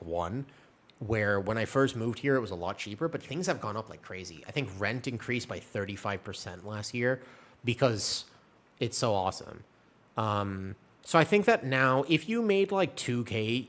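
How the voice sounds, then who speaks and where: Guy streaming and just rambling to chat, kinda low voice, super casual. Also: a bit bright. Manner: rambling, chatty, answers chat questions. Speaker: game streamer.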